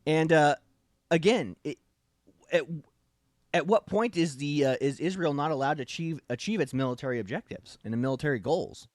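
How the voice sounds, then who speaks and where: A man's voice: a little high, expressive, moderate pace, dry recording, clean studio sound. A man hosting a casual political talk show, speaking emphatically and animatedly, often acting out the voices of the people he quotes. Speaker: show host.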